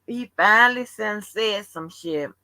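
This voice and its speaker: A woman's voice: medium pitch, a little slow, noisy background. A woman hosting a livestream open forum, telling stories in a blunt, profane, casual rant. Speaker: livestream host.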